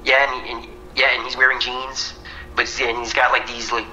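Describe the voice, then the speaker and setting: A man's voice: mid-range voice, level tone, fairly quick, bright, forceful tone, faint music behind, poor audio. A Canadian man, a comedian guest, riffing sarcastically in casual chat with lots of fillers.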